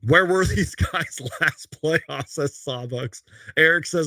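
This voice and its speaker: Young male fan host with a gravelly voice, live from his bedroom, bursts of excitement between rambling chat. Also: slow pace, no echo, clean studio sound. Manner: excitable, loud outbursts on highlights, then rambling. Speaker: sports fan show host. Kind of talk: live post-game fan stream. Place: bedroom at home.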